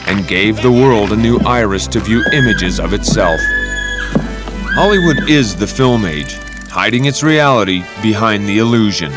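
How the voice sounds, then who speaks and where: A man reading scripted documentary narration in a measured, solemn way. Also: fairly low pitch, lively intonation, over loud music.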